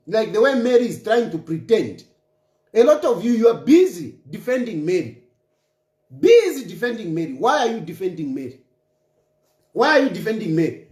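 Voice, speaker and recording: A man's voice: high-pitched, darkish tone. A man delivering an impassioned political rant, emphatic and taunting, hammering points home by repeating them. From Zambia. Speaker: political commentator. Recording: roomy echo.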